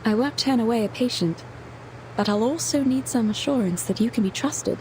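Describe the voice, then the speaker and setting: A man putting on a polite blind female doctor, gentle, steady, faint hiss behind. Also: extremely high pitch, normal speed, pitched above the performer's own voice, low-quality recording. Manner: gentle and courteous. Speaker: streamer reading game dialogue.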